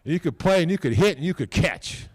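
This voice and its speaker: A man's voice: a little high, sing-song, a little fast, a little mellow, slightly rough. An older man giving a rambling, folksy ceremony speech, often tagging lines with "okay?". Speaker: team owner speaking at a hall of fame ceremony. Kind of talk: casual off-the-cuff speech.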